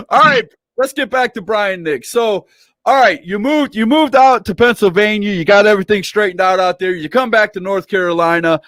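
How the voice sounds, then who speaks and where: A man's voice: high-pitched, moderate pace, fairly bright tone, no room sound, clean studio sound. A man hosting a casual livestream interview, playful and teasing as he reads viewer comments aloud. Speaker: interview host.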